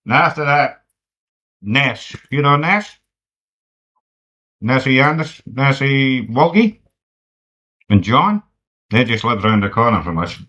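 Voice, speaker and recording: Recorded on a dull, lo-fi home cassette in a living room with friends, a Scottish man with a mid-range, slightly bright voice sends a spoken letter to family at home. He rambles, jokes, and pokes fun at himself.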